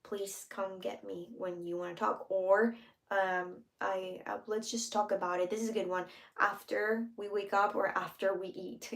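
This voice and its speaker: A woman giving casual relationship advice, earnest, sometimes acting out soft whispered example lines. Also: medium pitch. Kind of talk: casual advice talk to camera.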